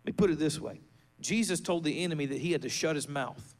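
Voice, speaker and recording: A male pastor delivering a fervent sermon in a church, building to rousing shouts and leading the congregation in prayer. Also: fairly high pitch, fast talker.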